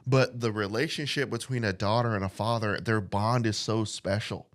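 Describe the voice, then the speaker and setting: Man, low voice, casual sermon, earnest, repeats phrases, slow scripture reading. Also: fairly even intonation. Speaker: podcast preacher. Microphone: studio mic.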